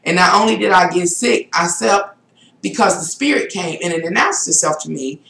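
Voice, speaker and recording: A woman's voice: moderate pace, vocal fry, a bit bright. Middle-aged woman vlogger, casual rambling storyteller, echoey room. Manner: rambling, with shrill exclaimed self-quotes. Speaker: spiritual vlogger.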